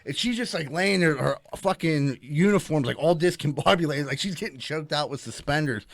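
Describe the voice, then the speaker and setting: A man's voice: a little high, brisk, creaky, dry recording, clean studio sound. A man co-hosting a podcast, telling a rambling story full of swearing and acted-out quotes. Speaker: podcast co-host. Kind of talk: casual storytelling.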